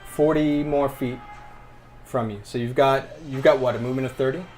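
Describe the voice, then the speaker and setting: A man narrating a tabletop game as game master, halting, with fillers and restarts. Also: mid-range voice, steady tone, darkish tone, faint music behind.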